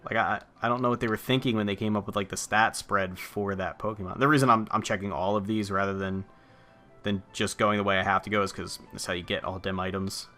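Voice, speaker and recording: A man's voice: lowish voice, fairly even intonation, quick pace, sharp tone, soft background music. A young man giving casual, rambling commentary while playing a video game, swearing offhandedly. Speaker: let's play gamer.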